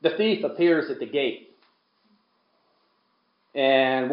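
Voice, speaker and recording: A man preaching a sermon as pastor, emphatic, swinging from quiet asides to loud peaks. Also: medium pitch, lively intonation, moderate pace, roomy sound, dull audio.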